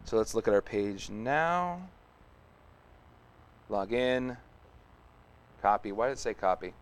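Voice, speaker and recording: A man thinks aloud while coding on a live stream, muttering, humming and chatting casually as the host. His voice is fairly low with lively intonation, and he speaks slowly.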